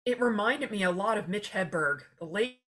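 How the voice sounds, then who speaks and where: Bright-voiced giggly woman panelist. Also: mid-range voice, expressive, normal speed. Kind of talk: comedic panel chat.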